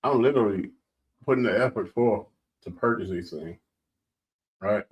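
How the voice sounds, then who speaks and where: A man's voice: fairly low pitch, moderate pace, muffled recording. A man co-hosting a casual radio talk show, asking questions and telling stories. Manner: storytelling, asks leading questions. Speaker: radio co-host.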